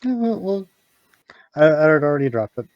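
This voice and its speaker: A man's voice: on the high side, very animated, brisk, darkish tone, no echo, muffled recording. A man playing a tabletop game over voice chat, curious and full of questions. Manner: curious, asks many questions. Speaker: player.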